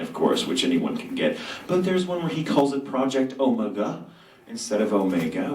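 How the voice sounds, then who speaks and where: A man with a fairly low voice answers fan questions at a convention panel. He is animated and self-mocking, and he acts out quotes as he tells stories. The sound is roomy and distant, as if captured from the back of a big hall. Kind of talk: storytelling Q&A panel. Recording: echoey convention hall from far off.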